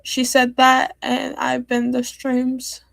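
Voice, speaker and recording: A woman's voice: high voice, completely flat delivery, slow pace, gravelly, no echo. A teenage girl streaming, talking in a hurt, rambling way with many fillers and restarts. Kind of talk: upset personal livestream talk.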